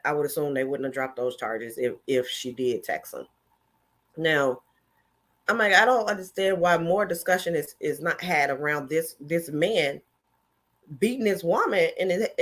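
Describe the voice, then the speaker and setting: A woman ranting her opinions in a casual vlog, blunt and heated, with mocking voices that jump up high. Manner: swings in pitch and volume, mocking voices. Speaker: commentary vlogger.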